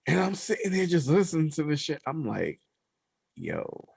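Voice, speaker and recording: A man co-hosting a podcast, telling a story in slangy casual chat, animated and sometimes dropping to a hush. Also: a little high, a little fast, vocal fry, a crowd in the background. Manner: animated storyteller, slangy, drops to hushed tones. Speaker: podcast co-host.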